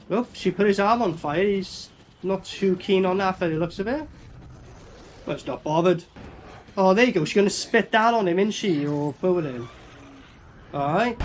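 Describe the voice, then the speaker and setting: A high-pitched man reviews a film in a casual, sweary running commentary, with background noise audible behind him.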